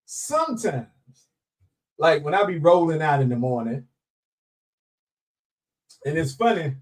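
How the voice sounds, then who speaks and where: Man, live show host, casual playful chat, lively pitch, a little far from the mic. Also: measured pace. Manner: animated, laughing, playful Southern Black vernacular. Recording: voice somewhat distant from mic.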